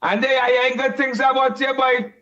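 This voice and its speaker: A man calls into a radio show, ribbing the host in playful banter. His voice sits high, and the phone line sounds dull and muffled. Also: flat delivery, a little fast, pushed and bright. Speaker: radio caller.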